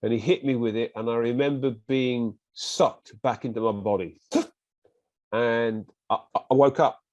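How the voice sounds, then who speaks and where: An English man with an English accent, a guest in an interview, telling a personal story in a lively way and acting out what other people said to him. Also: mid-range voice, unhurried, no echo, lo-fi sound. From England. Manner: animated, acts out quoted speech of others.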